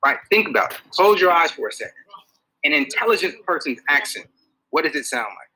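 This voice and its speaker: A man giving a public talk to an audience, animated and full of rhetorical questions. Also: a little high, a little fast, slightly rough, low-quality recording. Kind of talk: public lecture.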